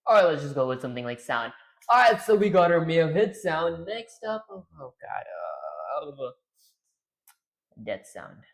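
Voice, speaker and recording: A man's voice: on the high side, very animated, a little slow. A man hosting a programming livestream, chatting casually, narrating his own steps and answering questions from the chat. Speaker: livestream host.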